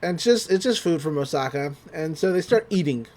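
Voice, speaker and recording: A man's voice: on the high side, expressive, brisk, darkish tone. A young man on a podcast, casually recapping an anime episode with loose paraphrased quotes and lots of fillers. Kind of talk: casual chat.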